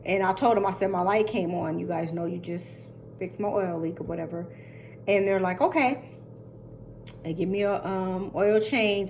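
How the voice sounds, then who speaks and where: Older woman, chatty storytelling, animated quoting, faint hum behind. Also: mid-range voice. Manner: chatty, animated retelling with quoted voices. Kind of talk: casual storytime.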